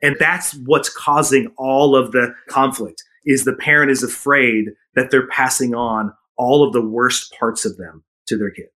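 A middle-aged man, a parenting coach, telling stories in an earnest, animated way during a casual interview. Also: mid-range voice, a little slow, few pauses. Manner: earnest storytelling with frequent laughs.

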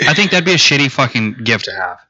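A man chats casually and pushes back with skeptical questions and crude humor. His voice is bright and swings up and down a lot. The recording sounds dull and lo-fi. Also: mid-range voice, sing-song, quick pace. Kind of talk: casual chat.

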